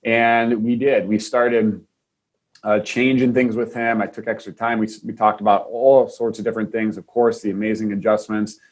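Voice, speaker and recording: A man from Wisconsin with a fairly low voice tells a moving personal story as a podcast guest. He speaks earnestly and with feeling. He often stops and restarts his sentences as he goes. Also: flat delivery, normal speed. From Wisconsin, USA. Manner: earnest and heartfelt, with frequent restarts.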